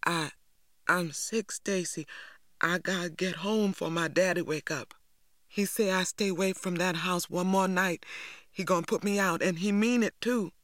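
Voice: mid-range voice, a little slow, a bit bright, no room sound, pitched above the performer's own voice, close to an everyday voice. A reader voicing a frightened, injured teenage boy, pleading and stammering in a dry recording. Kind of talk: audiobook reading.

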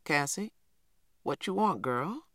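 A man doing a brisk grandmother. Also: on the high side, lively intonation, pushed and bright, no room sound, clean studio sound, exaggerated voice. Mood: bossy. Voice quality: folksy, brisk dialect. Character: old grandmother, firm but loving, no-nonsense.

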